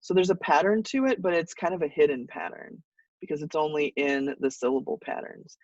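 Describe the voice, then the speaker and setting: A fairly high-pitched man lecturing to a class, easygoing and loose, with plenty of ums and restarts. He sounds set back from the mic, and the sound is muffled and dull. The room is dry. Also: brisk, no room sound, distant mic. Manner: relaxed explaining with fillers and restarts. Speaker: college English teacher.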